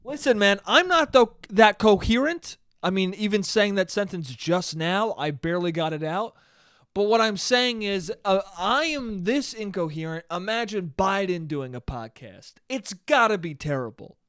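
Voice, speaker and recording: A man's voice: high voice, expressive, moderate pace, a bit bright, clear, resonant tone, no room sound, studio quality. A young man hosting a solo podcast, rambling and joking with lots of swearing. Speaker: podcast host. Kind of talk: solo casual podcast rant.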